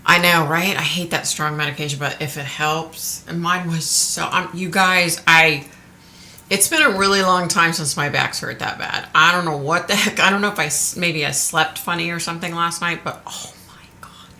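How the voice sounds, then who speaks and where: A woman's voice: fairly low pitch, normal speed, pushed and bright. A woman hosting a live stream from home, chatting frankly with viewers and swearing casually. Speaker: livestream host.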